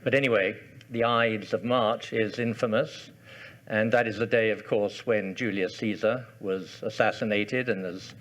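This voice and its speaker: A man giving a history lecture to an audience, soft-spoken, genial and digressive. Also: lowish voice, fairly even intonation, measured pace. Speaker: guest lecturer. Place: lecture hall before an audience.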